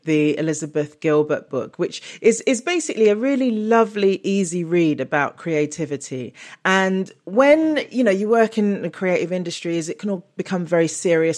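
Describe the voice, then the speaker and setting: A woman's voice: fairly low pitch, a little mellow. A woman talking casually as a guest author and comedian, chatty, often laughing and restarting her sentences. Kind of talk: casual interview chat.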